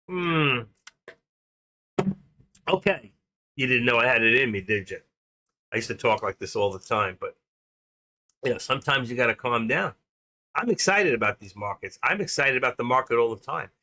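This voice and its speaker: An older man hosting a live trading stream, talking in an excitable, rambling casual way. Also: medium pitch, moderate pace, long pauses.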